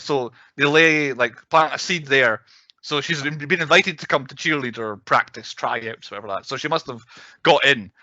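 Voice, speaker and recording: A man's voice: a little high, moderate pace, sharp tone, no echo, highs cut off. A young adult man co-hosting a podcast in casual chat, talking at length and laughing often. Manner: chatty, laughs often, acts out quotes. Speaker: podcast co-host.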